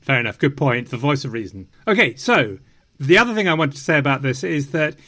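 A man's voice: mid-range voice, expressive, brisk, sharp tone. A man hosting a film podcast, theatrical and playful, slipping into mock indignation and French phrases. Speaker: podcast host. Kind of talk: casual film review chat.

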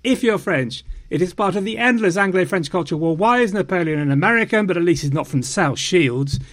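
A man with a slightly higher voice hosts a film podcast in a theatrical, playful way. He talks like he is performing his opinions, with bursts of mock outrage and tossed-off French phrases. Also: lively intonation, fairly quick, a bit bright. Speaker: podcast host. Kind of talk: casual film review chat.

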